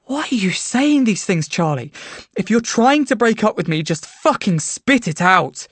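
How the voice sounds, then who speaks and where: A woman reading a story aloud and voicing a hurt, quick-tempered teenage boy with loud, sharp outbursts. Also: medium pitch, very animated, dry recording. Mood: angry.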